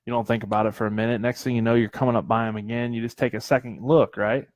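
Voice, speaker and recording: A man co-hosting a casual show, talking in excitable, crude banter. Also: mid-range voice, fast talker, no echo. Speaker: podcast co-host. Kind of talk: casual chat.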